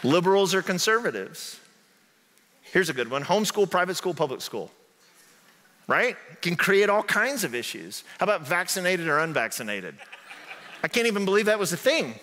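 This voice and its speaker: A man's voice: high-pitched, very animated, normal speed, pushed and bright, a little hiss or hum. A male pastor from southern Indiana preaching a conversational sermon in a church, often asking "right?". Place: church sanctuary. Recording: echoey sanctuary hall.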